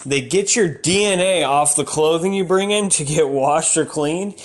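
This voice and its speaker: Rambling higher-voiced male comedian. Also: moderate pace. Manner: rambling, bursts into shouty rants. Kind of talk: stand-up comedy.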